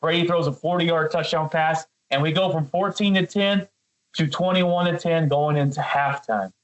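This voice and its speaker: A man's voice: fairly high pitch, steady tone, normal speed, low-quality recording. Fired-up man ranting about football. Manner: fired up, ranting, repeats words; addresses his co-host by name often. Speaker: podcast co-host. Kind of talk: heated sports talk.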